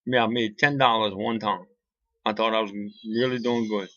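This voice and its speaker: A man's voice: fairly low pitch, steady tone, normal speed, fairly bright tone, dry recording, dull audio, close to an everyday voice. A man with a Cajun accent voicing Boudreaux, a frustrated, folksy Cajun man who drawls "man" and "no.". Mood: exasperated.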